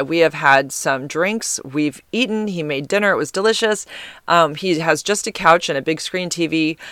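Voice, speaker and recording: Woman podcast host, chatty and animated, smooth clear tone, recorded dry on a close mic. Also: lowish voice, no echo. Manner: chatty, heavy use of "like" fillers. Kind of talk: casual storytelling monologue.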